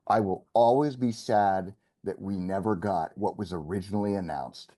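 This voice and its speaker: A man's voice: low voice, moderate pace, mellow. A man chatting casually as a podcast guest, rambling and correcting himself as he thinks aloud.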